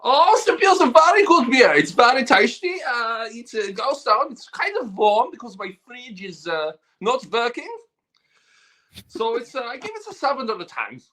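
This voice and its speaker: A man putting on a hammy mock German accent to rate a beer, halting and sing-song. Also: very high-pitched, big pitch swings, sharp tone, pitched above the performer's own voice, heavily acted, rough recording.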